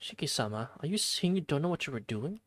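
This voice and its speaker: A streamer voicing a soft, polite young maid. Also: medium pitch, very animated, quick pace, dry recording. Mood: concerned.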